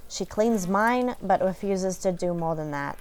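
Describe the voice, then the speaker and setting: A woman's voice: mid-range voice, measured pace, a little mellow, natural voice. A woman voicing a haughty, dismissive homeowner in a visual novel, curt and condescending as she reads the dialogue aloud. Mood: disdainful.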